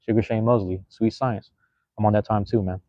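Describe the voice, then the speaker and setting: A man's voice: fairly low pitch, fairly even intonation, a little fast, dark tone, dry recording, lo-fi sound. A man hosting a casual solo livestream, rambling in a laid-back, slangy way. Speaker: livestream host.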